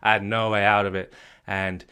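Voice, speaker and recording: A man with a fairly low voice telling his personal story to an audience. He is earnest and emphatic, often repeating himself and restarting his sentences. He sounds middle-aged and speaks as a coach. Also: flat delivery, normal speed, sharp tone, clear, resonant tone. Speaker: marriage coach.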